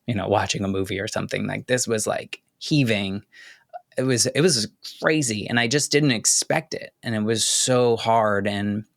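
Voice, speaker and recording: A man hosting a podcast, speaking candidly and haltingly about a painful loss, choking up at times. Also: fairly low pitch, a bit bright, no room sound, studio quality. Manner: candid, halting, with many restarts and "like" fillers. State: choking up with emotion. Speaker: podcast host. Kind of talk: personal reflective monologue.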